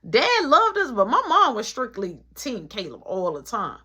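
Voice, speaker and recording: A young woman vlogger telling a story in a casual, animated, repetitive way. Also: on the high side, normal speed, husky.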